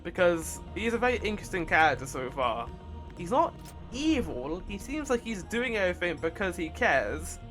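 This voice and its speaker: Man, casual gameplay commentary, excitable, thinks aloud, bright tone, slightly high voice. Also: fairly quick, few pauses, faint music behind. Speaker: let's play host.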